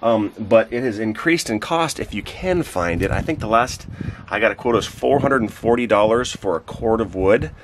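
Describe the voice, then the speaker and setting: A man's voice: lowish voice, animated, moderate pace, noisy background. A man talking casually to camera for a family vlog outdoors, rambling with lots of fillers. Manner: rambling, full of "like" and "uh". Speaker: family vlogger. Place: outdoors by the woodshed.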